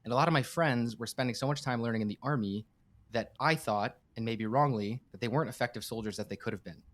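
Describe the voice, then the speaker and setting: An earnest man talks quickly, sharing a personal story as a podcast guest. His voice sits at an ordinary middle pitch. He speaks with heartfelt conviction and often restarts a phrase. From United States. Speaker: podcast guest, campus director and startup coach.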